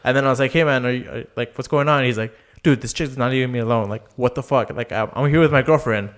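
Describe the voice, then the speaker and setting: A man's voice: mid-range voice, fast talker. A young man, casually telling rambling stories on a podcast, full of fillers and quoted voices. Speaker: podcast co-host. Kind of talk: casual storytelling chat.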